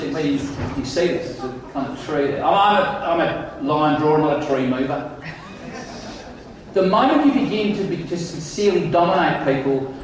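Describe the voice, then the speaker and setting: Brief: middle-aged male keynote speaker, animated and self-mocking, a little high, echoey and distant in a big hall. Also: a little hiss or hum. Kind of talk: conference keynote storytelling. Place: large conference hall. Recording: echoey hall, mic heard from afar.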